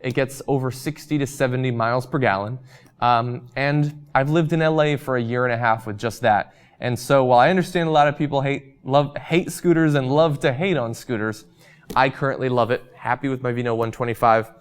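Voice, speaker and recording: A man hosting a casual vlog, answering viewer questions in a relaxed, chatty way with lots of ums and uhs, and he is losing his voice. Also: medium pitch, a little fast, clear, resonant tone. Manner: relaxed and chatty, with frequent um and uh fillers.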